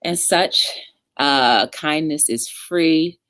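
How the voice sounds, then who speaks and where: A woman hosting a casual online interview show, speaking in an encouraging, unhurried way with plenty of "um"s. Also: deep voice, fairly bright tone, dry recording, clean studio sound. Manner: encouraging, filler-heavy, drawn-out phrasing. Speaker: talk show host.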